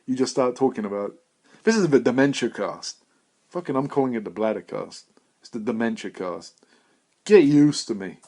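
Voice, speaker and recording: A man's voice: mid-range voice, lively intonation, normal speed, a little mellow. A young man in his twenties hosting a podcast, talking in a rambling, profane, self-mocking solo monologue. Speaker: podcast host.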